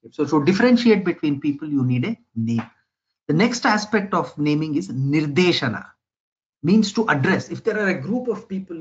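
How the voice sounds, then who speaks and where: A man with a slightly high voice gives a spoken lecture in a conversational style, often checking in with his listeners. The audio sounds dull.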